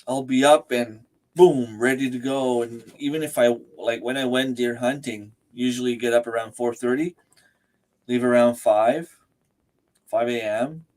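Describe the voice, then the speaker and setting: A man hosts a relaxed livestream from home, speaking into a desk microphone at a middle pitch. He chats easily, laughs often and answers his viewers by name. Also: measured pace. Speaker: livestream host. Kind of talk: casual chat. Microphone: desk microphone and webcam.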